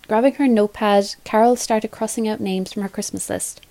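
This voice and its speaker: A woman reading a short story aloud in a measured, clear way. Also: medium pitch, fairly even intonation, dark tone, no echo. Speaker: reader.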